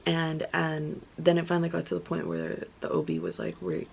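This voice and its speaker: A woman's voice: deep voice, very animated, moderate pace, gravelly, darkish tone, a little hiss or hum. A young woman vlogger telling her story in a casual, chatty way, full of filler words.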